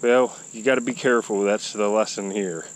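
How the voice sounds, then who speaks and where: A man narrating a casual outdoor vlog in a relaxed, rambling, folksy way, filmed on a handheld camera by a river and an old dump. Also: fairly low pitch, moderate pace, poor audio. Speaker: vlogger. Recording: faint outdoor noise with insects.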